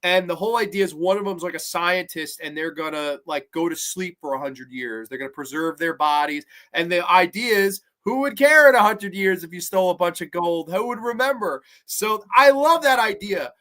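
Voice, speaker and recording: A man's voice: sits high, normal speed, hardly any pauses, pushed and bright. A man hosting a casual review podcast, enthusiastic and swearing freely as he chats. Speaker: podcast host.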